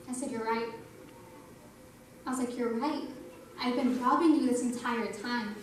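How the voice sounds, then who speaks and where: A woman's voice: a little high, steady tone, normal speed, pauses often. Young woman preaching in an echoey hall. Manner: earnest, storytelling, says "like" a lot. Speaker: youth speaker. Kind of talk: sermon testimony. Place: church hall. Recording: echoey church hall, mic from a distance, faint noise.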